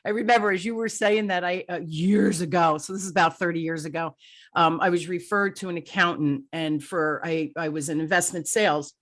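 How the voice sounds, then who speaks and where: A woman's voice: fairly low pitch, steady tone, fairly quick, a bit bright. A middle-aged woman hosting an interview podcast, telling an anecdote in a chatty, emphatic way. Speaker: podcast host. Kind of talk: conversational interview.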